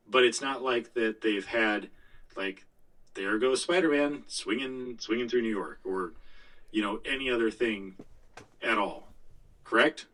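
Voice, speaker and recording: A man's voice: on the low side, fairly bright tone, far from the mic, low-quality recording. A man co-hosting a podcast, giving a blunt, rambling movie review with lots of restarts. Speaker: podcast co-host. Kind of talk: casual movie review chat.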